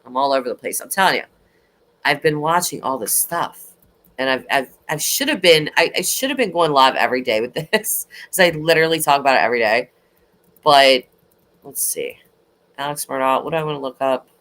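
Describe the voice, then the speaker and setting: A woman's voice: a bass voice, a little fast. A woman hosting a true crime livestream, chatting casually and rambling with lots of restarts. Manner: rambling, animated, with frequent restarts. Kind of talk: casual chat.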